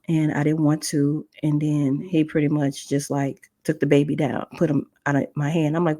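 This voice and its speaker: A woman's voice: sits low, level tone, moderate pace, hardly any pauses, warm tone. A woman hosting a podcast, telling a personal testimony with strong emotion and acting out the voices in her story. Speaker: podcast host.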